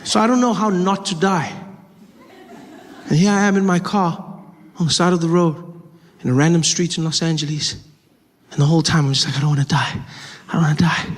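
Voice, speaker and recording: Stand-up comic, male, high voice, lively character work, live theatre hall with long reverb and audience noise. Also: moderate pace, pauses often. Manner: animated, acts out characters with shifting voices. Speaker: stand-up comedian. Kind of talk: stand-up storytelling.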